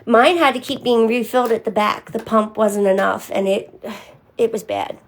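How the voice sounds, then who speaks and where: A woman's voice: fairly high pitch, normal speed. A young woman talking candidly on a live stream, answering viewers by name in casual chat.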